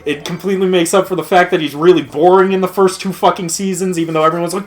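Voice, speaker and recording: A man's voice: high voice, quick pace, hardly any pauses. A man ranting in casual commentary, swearing freely and breaking into laughter. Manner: profane, laughing rant. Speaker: let's play commentator.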